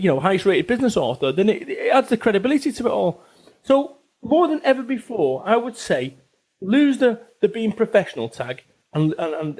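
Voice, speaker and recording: A man in his forties with a Salford accent, a business author talking bluntly and swearing freely as a podcast guest, repeating phrases for emphasis. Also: high voice. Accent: Northern English, Salford. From England. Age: 40s. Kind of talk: casual interview chat.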